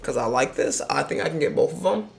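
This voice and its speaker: A man's voice: a little high, animated, fast, gravelly, soft background music. A man voicing a scheming, self-serving young woman, with a smug, crude manner, close to his own voice.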